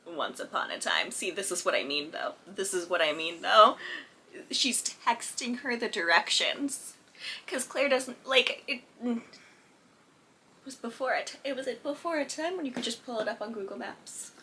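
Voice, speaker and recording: A woman's voice: fairly high pitch, animated, moderate pace, pushed and bright, slightly rough. A woman chatting casually about a sitcom while drawing at home, as host of a reaction video.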